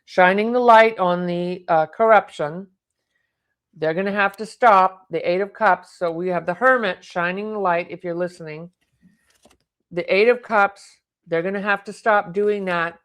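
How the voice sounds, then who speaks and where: A woman's voice: mid-range voice, measured pace, fairly bright tone. A woman reading tarot cards aloud, thinking aloud and exclaiming as the cards turn up. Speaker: tarot reader.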